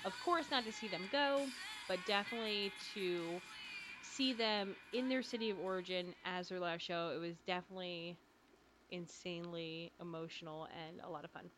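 A woman's voice: on the low side, normal speed, a bit bright, soft background music. A young woman co-hosting a podcast in casual chat, rambling and laughing often. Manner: giggly, rambling with frequent ums. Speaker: podcast co-host.

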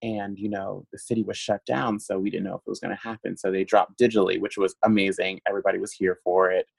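A man being interviewed, telling a long story in an animated way, laughing often and using lots of fillers. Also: deep voice, fast talker, vocal fry, breathy edge, dry recording, low-quality recording. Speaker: guest. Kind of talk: casual interview chat.

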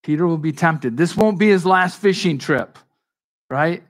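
A man with a voice on the high side preaches an expository sermon at a measured pace. As pastor, he's conversational yet emphatic, restarting lines and tossing asides to his congregation.

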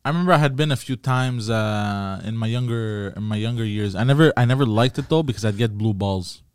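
A man's voice: on the low side, a little fast, clear, resonant tone, no echo, studio quality. A man co-hosting a comedy podcast, laid-back in casual chat and often just agreeing. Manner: laid-back, lots of short agreeing replies. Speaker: podcast co-host.

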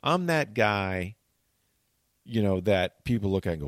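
A man hosting a talk show, telling a long story in animated, chatty fashion and acting out what people said. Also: lowish voice, a little slow, dry recording, clean studio sound. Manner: tells long stories, acts out quotes.

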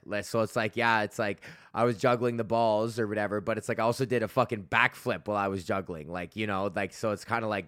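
A man's voice: fairly low pitch, a bit bright, smooth, dry recording, studio quality. A man hosting his podcast, telling a rambling, profane story packed with fillers and laughing at his own jokes. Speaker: podcast host and stand-up comedian. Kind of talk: casual rambling monologue.

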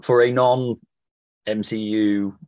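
Laid-back lower-voiced man, dry mic. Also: little pitch movement, slow, darkish tone, no room sound. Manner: brief, laid-back responses and asides. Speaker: podcast host. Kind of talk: casual podcast chat.

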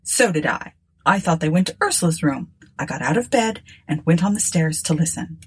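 A woman's voice: low-pitched, lively intonation, moderate pace, husky, exaggerated voice. A woman reading aloud voicing a grim, miserly, scornful woman in a storybook, with a harsh, menacing manner. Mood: eerie.

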